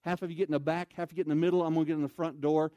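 An American man, a missionary speaker, telling a humorous story in an animated, comic way and acting out scenes. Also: a little high, very fast, no echo, highs cut off. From United States.

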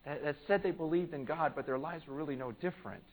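A pastor preaching a conversational sermon in church, earnest and plain-spoken, swelling to emphatic peaks. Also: male voice, on the high side, fast, rough recording.

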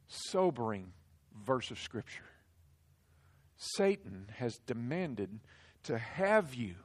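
A male pastor delivers a sermon in a somewhat high voice, pressing his points emphatically. He drops to a hush on sobering lines and rises to full force on warnings.

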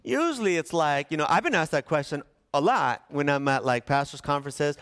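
A man from Southern California, a pastor preaching a sermon and telling a story with lively, shifting pace. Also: fairly high pitch, smooth. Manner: animated storytelling, shifts between fast and slow.

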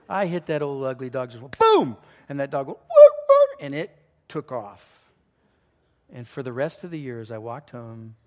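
A man preaching a sermon, telling a story with lively delivery, sometimes dropping to a hushed voice for emphasis. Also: medium pitch. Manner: animated storytelling, acts out voices and sounds. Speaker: pastor.

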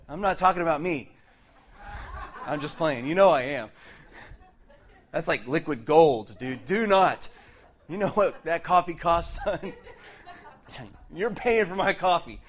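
Middle-aged male pastor, sermon delivery, animated and playful, slightly higher voice. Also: slow, pauses often. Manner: lively, joking asides and laughs between points.

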